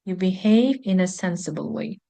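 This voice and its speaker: A woman teaching an English lesson on video, explaining slowly and carefully with frequent "um" and "like". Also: fairly low pitch, lively intonation, creaky, mellow.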